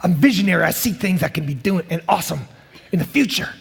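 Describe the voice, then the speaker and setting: A man's voice: high voice, lively intonation, quick pace, gravelly, breathy edge, full character voice. A man putting on a mumbling young dreamer. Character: vague young male would-be visionary.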